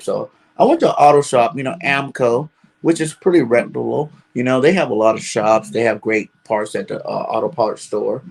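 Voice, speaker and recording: A man's voice: medium pitch, brisk, creaky. A man telling a long personal story in casual talk, constantly filling with "you know". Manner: rambling, fills with "you know". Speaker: caller.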